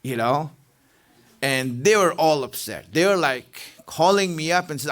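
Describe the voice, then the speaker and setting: A man's voice: a little high, expressive, measured pace, fairly bright tone. A middle-aged male preacher giving a Ramadan lecture in a conversational way, asking rhetorical questions and often saying "you know".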